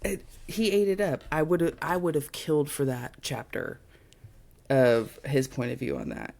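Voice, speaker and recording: A young woman with a low voice talks through a book on a casual podcast. Her pitch swings widely as she retells scenes and slips into quick character quotes. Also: expressive, creaky, a little mellow. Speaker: podcast co-host.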